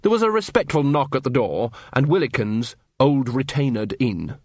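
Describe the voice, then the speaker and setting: A man's voice: mid-range voice, lively intonation, moderate pace, few pauses, darkish tone, no echo. A man reading a story aloud in a dry, wry storytelling manner. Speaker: audiobook narrator. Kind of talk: scripted narration.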